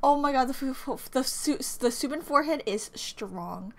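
A woman's voice: sits high, animated, moderate pace. A young woman gushing through a reaction video, with lots of repeated exclamations and half-finished words. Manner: gushing, breaks off mid-word, repeats exclamations. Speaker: reaction vlogger. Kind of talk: excited reaction commentary. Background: faint music from the video.

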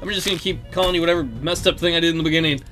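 Joking let's-play host, man; bright, high, animated. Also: racing, faint music behind. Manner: joking, chatty, reads game text aloud. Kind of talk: casual gameplay commentary.

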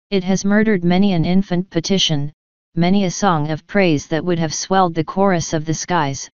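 A woman reading an old sermon aloud in a measured, declamatory manner. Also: fairly low pitch, a little mellow, clear, resonant tone, no room sound. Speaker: sermon reader. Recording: dry, slightly dull lo-fi recording.

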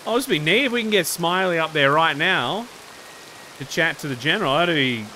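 A male streamer voicing his sheriff character and chatting with viewers, excitable and full of exclamations. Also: on the high side, a little fast, slight background noise. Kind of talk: in-game role-play and stream commentary.

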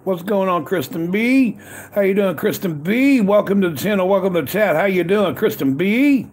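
A man's voice: high-pitched, animated, moderate pace. A man hosting a casual live stream outdoors at a grill, greeting chat viewers by name over and over with upbeat, repeated catchphrases. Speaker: livestream host. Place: outdoors at a grill in cold weather.

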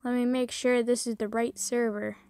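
High-voiced foul-mouthed woman gamer. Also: flat delivery, moderate pace, darkish tone, smooth, no echo. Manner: profane, raging outbursts and shrieks. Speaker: gaming YouTuber. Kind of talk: gameplay commentary.

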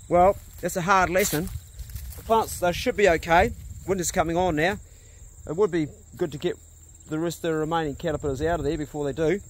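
New man, farm vlogger, blunt and earthy, fairly high pitch, outdoors on a phone. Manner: earthy, blunt, swears freely. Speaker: farmer vlogger. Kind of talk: casual walk-and-talk vlog. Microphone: phone camera.

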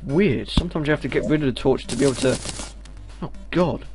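A man giving casual gameplay commentary on a headset, excitable, breaking into loud exclamations and talking back to enemies on screen. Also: mid-range voice, brisk. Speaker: video game let's player. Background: game music.

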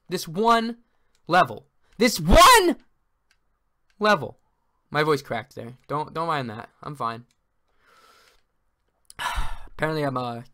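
A man doing let's-play commentary, frantic and exasperated, ranting and yelling at the game as he plays. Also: on the high side. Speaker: gaming video creator.

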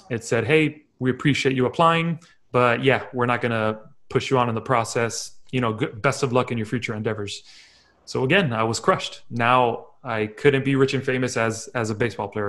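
A man's voice: medium pitch, fairly bright tone. A young man, a confidence coach, telling his personal story in a candid, reflective way, acting out his own past thoughts. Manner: candid, reflective storytelling with acted-out inner quotes.

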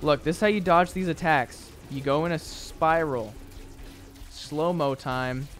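A man's voice: on the high side, unhurried, a bit bright, soft background music. A man streaming a video game, giving casual running commentary, often exasperated and mocking himself. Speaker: gaming streamer. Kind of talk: casual let's-play commentary.

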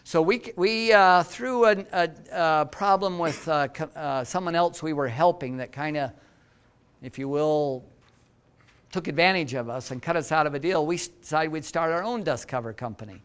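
Older male entrepreneur, lively self-deprecating storyteller, slightly high pitch, clear resonant tone. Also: normal speed. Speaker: guest lecturer, entrepreneur. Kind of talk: anecdotal lecture to students.

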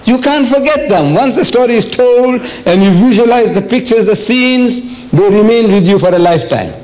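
A man's voice: extremely high pitch, expressive, moderate pace, a little mellow, poor audio. An older man from South Africa giving a public religious lecture, emphatic and repetitive, with frequent rhetorical questions. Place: lecture hall.

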